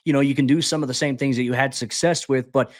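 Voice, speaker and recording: Fast-talking man breaking down football. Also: mid-range voice, no room sound, studio quality. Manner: animated, many restarts and "hey" asides. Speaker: beat reporter and podcast co-host. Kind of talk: sports podcast preview talk.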